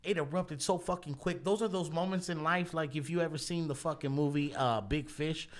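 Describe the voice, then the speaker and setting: A man's voice: fairly high pitch, brisk. Profane laughing man storyteller. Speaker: podcast host. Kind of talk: casual storytelling.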